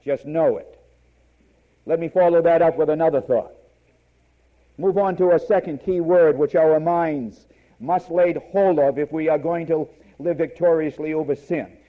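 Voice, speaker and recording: Man, sermon, high voice, emphatic delivery, muffled lo-fi recording. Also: fairly even intonation, measured pace. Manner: emphatic, repeating key words for stress. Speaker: preacher.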